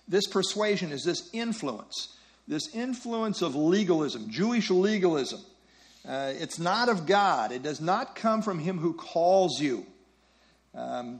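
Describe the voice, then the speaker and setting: A man leading a Bible study class, teaching earnestly and repeating key phrases for emphasis. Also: sits high.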